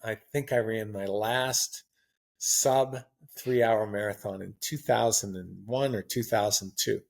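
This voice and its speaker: A man in his sixties chatting as a podcast guest, telling long rambling stories in a relaxed, anecdotal way. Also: lowish voice, a little slow, vocal fry. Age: 60s. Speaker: guest marathon runner. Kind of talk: casual interview chat.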